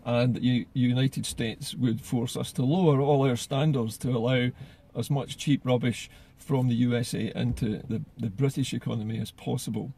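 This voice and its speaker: A man's voice: medium pitch, fairly even intonation, normal speed, gravelly, hardly any pauses, warm tone, slight background noise. A man giving solo political commentary in an earnest way, often repeating words as he gathers his thoughts.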